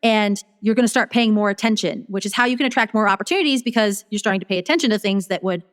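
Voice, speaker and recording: Her mid-range voice moves at a quick pace and sounds like it's in a large hall. As a guest business strategist on a casual interview, she relates her story animatedly, dramatizing her own thoughts.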